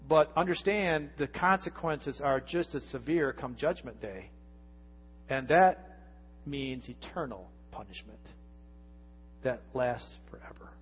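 A man preaching a conversational sermon as pastor, his voice swinging from loud emphasis down to hushed lines. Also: a little high, husky. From United States. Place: church sanctuary. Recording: lo-fi church recording with long reverb and faint music.

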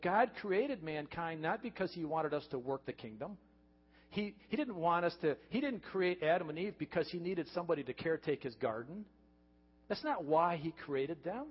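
A pastor preaching a heartfelt sermon, earnest and repetitive, building to emphatic points. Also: male voice, high voice, slightly rough. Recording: dull reverberant church recording.

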